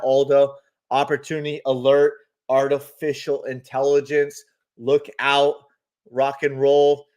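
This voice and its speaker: A man with an ordinary mid-range voice hosts a live market stream. He talks casually and easily, greets his regulars by name and laughs often. His chart commentary comes across as a relaxed chat with the audience. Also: medium pitch. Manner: chatty, greets viewers by name, reads the chat; laughs easily, loose and talkative. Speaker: host of a live trading stream.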